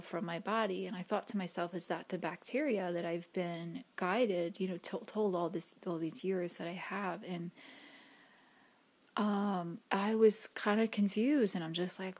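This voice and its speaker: A woman's voice: fairly low pitch, fairly even intonation, unhurried. A woman vlogger telling a personal spiritual story, rambling with restarts and fillers and sometimes dropping to a whisper.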